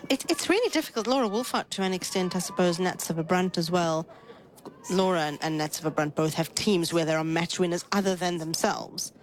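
A woman giving expert cricket analysis, measured and thoughtful, making her points with statistics. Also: lowish voice, a little hiss or hum. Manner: thoughtful, measured, explains with stats. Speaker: cricket pundit.

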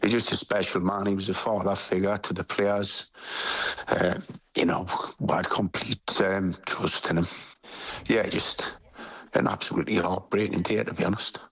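A former footballer, emotional and halting as he searches for words in an interview. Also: low-pitched, little pitch movement, fairly bright tone, slightly rough, no room sound, muffled recording. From Newcastle, England.

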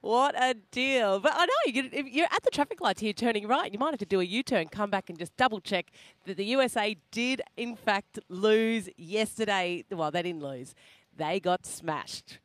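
A woman's voice: medium pitch, animated, no echo. A woman with an Australian accent, a field reporter doing a chatty live cross on radio. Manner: chatty and laughing, quick asides. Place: at a roadside hotel.

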